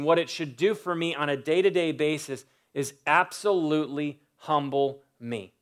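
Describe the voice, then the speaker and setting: Male pastor, sermon delivery, emphatic, somewhat high-pitched. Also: fairly bright tone. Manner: emphatic preaching with lists and rising stresses.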